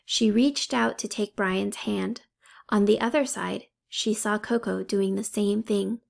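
A woman reading a children's novel aloud in a calm, measured way. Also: mid-range voice, vocal fry. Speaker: audiobook reader. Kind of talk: storybook narration.

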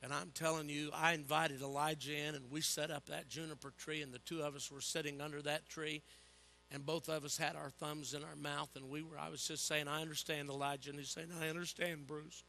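An older man preaching a sermon, telling animated personal stories with humor and calling for "Amen?" from the congregation. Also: a little high, fairly quick, vocal fry, slight background noise.

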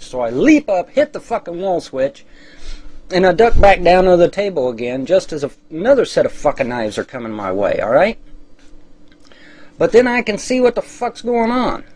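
Husky man telling a cursing anecdote. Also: on the high side, a little mellow. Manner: rambling, heavy cursing, stammering restarts, acts out quoted dialogue. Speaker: storyteller. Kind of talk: profane first-person anecdote.

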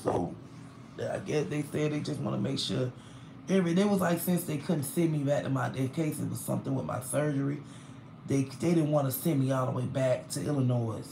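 Reading viewer comments during a casual phone live stream from his hospital bed, a man complains loudly and freely about his hospital bills. He talks fairly quickly at a medium pitch, tired and gravelly, over a faint background hiss.

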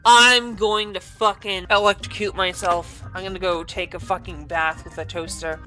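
A woman's voice: lowish voice, flat delivery, moderate pace, pushed and bright, faint music behind. Foul-mouthed woman raging at a game. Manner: swears constantly, swings from mutters to screaming outbursts. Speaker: gaming channel host. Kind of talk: ranting gameplay commentary.

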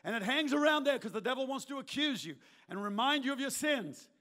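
High-voiced pastor preaching in a hall. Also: male voice, animated, brisk. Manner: emphatic, repetitive, rising to shouted prayer. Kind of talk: sermon. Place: large church auditorium, indoors. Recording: long reverb of a large church hall.

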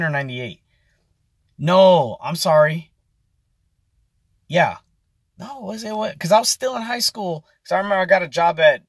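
A man's voice: on the high side, no room sound, studio quality. A man in his forties telling a story in a casual, rambling vlog with many fillers and restarts. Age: 40s. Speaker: vlogger.

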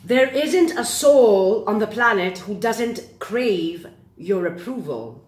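A woman giving a casual tarot reading to camera. She is excitable and keeps checking in with "okay?". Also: mid-range voice, slow pace, echoey room. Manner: excitable, repeats "okay?" often. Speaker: tarot reader.

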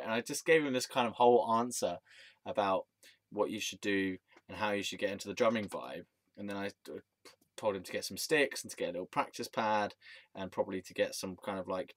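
A man's voice: fairly low pitch, fairly quick, fairly bright tone, no room sound. A young man telling a rambling personal story, laughing at himself often. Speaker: vlogger. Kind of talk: casual storytelling.

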